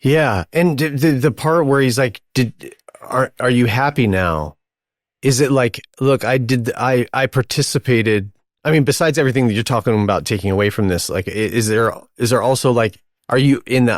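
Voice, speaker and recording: A man's voice: mid-range voice, normal speed, dry recording, clean studio sound. A man hosting a podcast conversation, listening closely, giving short affirmations and then offering reflective follow-ups. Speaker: podcast host. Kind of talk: casual conversation.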